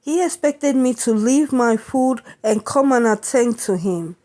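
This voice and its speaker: A woman's voice: a little high, lively intonation, measured pace, mellow. A woman venting indignantly to camera in a vlog, often asking her listeners whether they understand. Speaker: vlogger.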